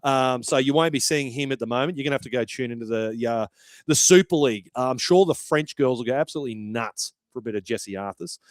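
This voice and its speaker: A man's voice: medium pitch, fast, dry recording. A young Australian man hosting a sports podcast in a brash, chatty way, swearing freely. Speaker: podcast host. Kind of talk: casual podcast commentary.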